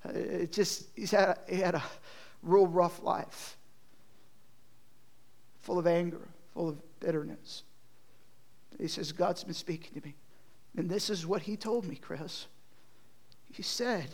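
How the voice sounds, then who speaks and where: A man preaching a sermon, telling an emotional story and swinging from loud passages to hushed ones. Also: high voice, slow, long pauses.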